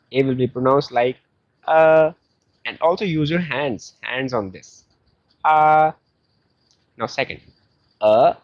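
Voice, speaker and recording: A man with a South Asian English accent teaching a beginner language lesson, explaining slowly and patiently with many fillers. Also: medium pitch, no echo. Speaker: Chinese teacher. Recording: dull lo-fi sound.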